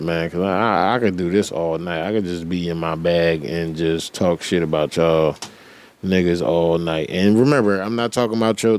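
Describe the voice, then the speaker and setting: Profane ranting podcast host, man. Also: low voice. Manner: profane, ranting, laughing often. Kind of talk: profane casual rant. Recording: loud background noise.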